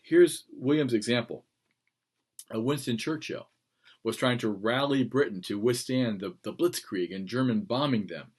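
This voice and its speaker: Guy lecturing his class on writing, gets emphatic and animated, tosses in playful asides. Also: medium pitch, moderate pace, husky. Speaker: teacher.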